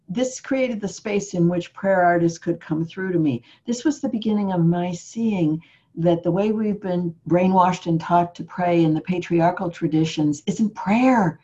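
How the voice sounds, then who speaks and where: Woman interviewer, low mellow voice, earnest searching questions, kinda muffled lo-fi sound. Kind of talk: reflective spiritual conversation. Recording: slightly muffled lo-fi recording.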